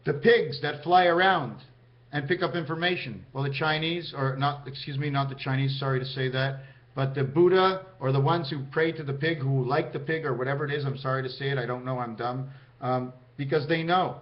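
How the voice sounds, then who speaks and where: Speaking a little fast at medium pitch, a man meanders through a numerology vlog, talking straight to his audience and counting numbers aloud. The lo-fi recording sounds dull.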